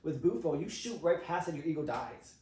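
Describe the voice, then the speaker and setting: A man with a fairly high voice tells a long personal story in lively, casual podcast talk, swearing freely as he goes. He sounds set back from the microphone, and the room around him rings noticeably. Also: brisk. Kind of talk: casual conversation. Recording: roomy, distant mic.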